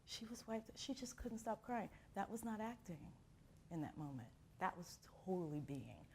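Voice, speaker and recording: Animated woman acting teacher telling stories. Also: mid-range voice, normal speed, slight background noise. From Miami. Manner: expressive storyteller who acts out quotes. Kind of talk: animated class talk with acted-out anecdotes.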